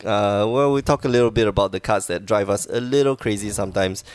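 Low-voiced, wheezy male podcast host. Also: fast talker, clear, resonant tone, no room sound. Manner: rambling, laughs easily. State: coughing, wheezy. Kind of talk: casual podcast chat.

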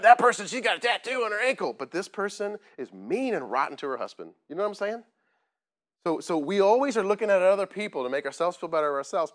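A man preaching a sermon as pastor, plain-spoken and self-deprecating, often asking the congregation questions. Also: on the high side. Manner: conversational, asks the congregation questions.

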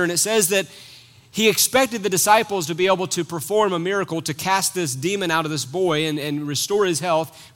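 A man with a high voice preaches a sermon. He reads the verses and then talks them through, repeating a word now and then as he gathers his thought. His voice swells into loud, emphatic peaks. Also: a little fast. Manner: repeats words while thinking aloud.

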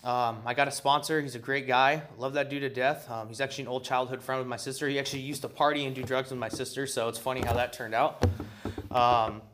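A man's voice: mid-range voice, fairly even intonation, fast talker, background noise. A man telling his story at a recovery meeting in a loose, profane way, full of ums and you-knows. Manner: loose and profane, heavy with fillers. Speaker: member sharing at a recovery meeting. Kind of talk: casual personal share.

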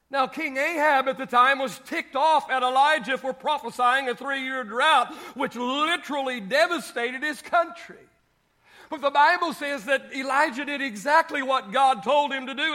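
Man, pastor, lively sermon, very high voice, bright tone. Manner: animated preaching, acting out Bible scenes with humor.

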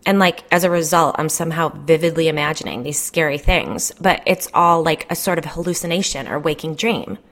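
A female storyteller voices Jen, a stressed, gossipy suburban mom, pitching her voice up a little and pushing it louder than the narration. In this audiobook-style story, Jen complains in an agitated rush, a little fast with few pauses, swearing freely and leaning on "like."

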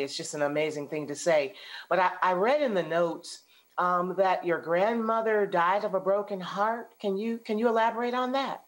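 A woman hosting an interview, affirming her guest and encouraging her to share more. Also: sits low. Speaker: host.

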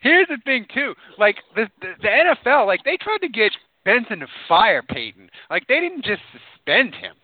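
A man hosting a sports talk radio show, talking in an emphatic, animated way and swearing freely. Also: very high-pitched, moderate pace, hardly any pauses, dry recording. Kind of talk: casual sports radio banter. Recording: tinny phone-like sound.

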